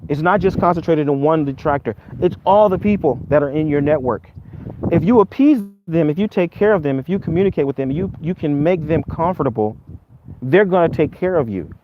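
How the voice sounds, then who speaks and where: A man teaching through a spiritual story in an animated storytelling style, often repeating words as he goes. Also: fairly high pitch, fairly quick. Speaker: Ifa teacher. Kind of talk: storytelling lesson. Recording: dull lo-fi audio with faint noise.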